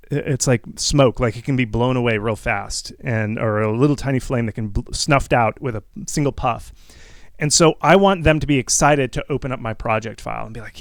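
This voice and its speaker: A man's voice: mid-range voice, no echo. A man hosting a game-marketing talk, rambling through casual advice with many restarts and acted-out upbeat feedback lines.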